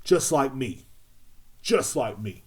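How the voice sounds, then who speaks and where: A man playing a self-righteous, foul-mouthed adult man in a loud, repetitive satirical rant. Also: medium pitch, lively intonation, takes it slowly, breathy edge. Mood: indignant. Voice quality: loud, emphatic, swearing, repetitive.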